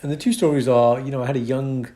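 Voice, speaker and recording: A young British man co-hosting a casual podcast, a doctor who talks with lively energy, laughs often and acts out quotes. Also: medium pitch, fast talker. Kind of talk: casual chat. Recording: echoey room.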